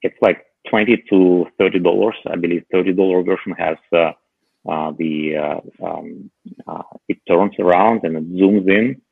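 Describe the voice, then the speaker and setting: Man, podcast co-host, casual tech chat, hesitant fillers, husky, tinny phone line. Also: low-pitched, fairly even intonation, normal speed, no echo. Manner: hesitant, many filler sounds.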